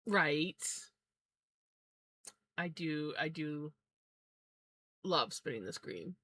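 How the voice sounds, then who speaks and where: A woman's voice: deep voice, animated, drawn-out words, fairly bright tone, husky, dry recording. A woman chatting casually on a livestream while spinning yarn, easygoing and a bit scattered as she talks to her viewers.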